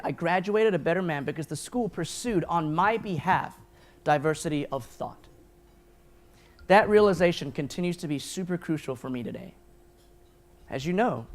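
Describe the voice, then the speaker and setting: Keynote speaker: a man with a fairly high voice, earnest and self-deprecating, miked at a lunch event. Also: a little mellow. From grew up in Taiwan, New Zealand and the United States. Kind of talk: keynote speech. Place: event hall at a lunch gathering.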